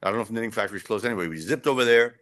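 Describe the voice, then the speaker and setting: A man's voice: lowish voice, rapid-fire, fairly bright tone. A man, a documentary director, telling a rambling story in an interview with lots of fillers and restarts. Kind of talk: casual conversational storytelling.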